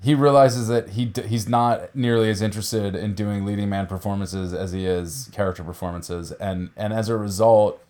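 A man's voice: fairly low pitch, steady tone, normal speed, hardly any pauses, a little mellow. A man who is a guest on a movie podcast, talking thoughtfully and often restarting his sentences. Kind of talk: casual movie chat.

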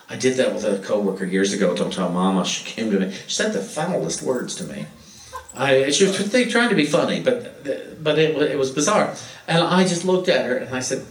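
A man's voice: medium pitch, expressive, moderate pace. A man giving an earnest, playful spiritual talk who acts out quotes now and then. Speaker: spiritual speaker. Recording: roomy, distant mic.

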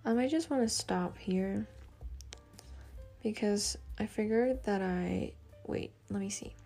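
A teenage girl with an Australian accent, rambling in a casual solo podcast, soft-spoken and self-deprecating, thinking aloud. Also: mid-range voice, slow, vocal fry, faint music behind. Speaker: podcast host.

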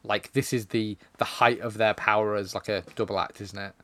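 A man's voice: fairly low pitch, steady tone, fairly quick, fairly bright tone. A British man with a foul mouth, ranting about films as a podcast co-host in a casual chat. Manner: profane, ranting. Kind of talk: casual film review chat.

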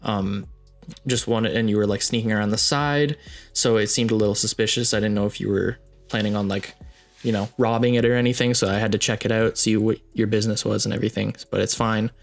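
A man voicing a calm, polite male police officer who explains himself in a matter-of-fact way. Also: fairly low pitch, brisk, vocal fry, faint music behind. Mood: explaining.

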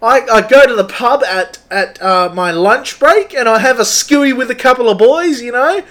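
An excitable young Australian tradie, as a man puts him on with a raised, bright voice. He talks loud and fast-tempered, tripping over his words in a broad Australian accent. The improvised comedy bit is full of cheer. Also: extremely high pitch, voice pushed up, full character voice. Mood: hyped. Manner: loud, excitable, rambling with stammers. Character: hyped, cheerful young Aussie tradie bloke.

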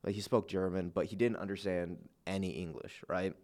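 A man's voice: deep voice, fairly even intonation, a little fast, darkish tone. A young man co-hosting a podcast, chatting casually and telling a story, with lots of "like" and "dude" and easy swearing. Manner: laid-back, swears freely, lots of "like" and "dude". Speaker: podcast co-host. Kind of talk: casual chat.

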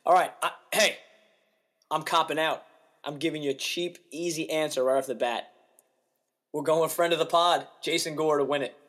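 A young man co-hosting a casual golf podcast, talking in an animated, joking way. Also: a little high, normal speed. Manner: animated, jokey, mimics players' voices. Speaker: podcast co-host. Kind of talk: casual chat.

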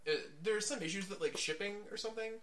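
Guy on a comics podcast, kinda high voice, gets hyped and jokes around. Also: quick pace. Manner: excited, jokey, acts out quotes. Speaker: podcast co-host. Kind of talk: casual comic book chat.

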